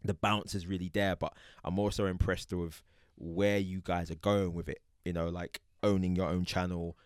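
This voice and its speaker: A man's voice: low-pitched, flat delivery, moderate pace, smooth, no echo, studio quality. A middle-aged man with a South London accent, hosting a casual interview, telling stories full of slang and laughing often.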